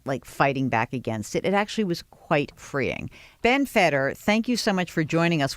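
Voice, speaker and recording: A woman hosting a radio show in a broadcast studio, chatting with a guest and telling stories with animated delivery. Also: very deep voice, no echo. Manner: lively storyteller, acts out voices. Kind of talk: casual interview chat.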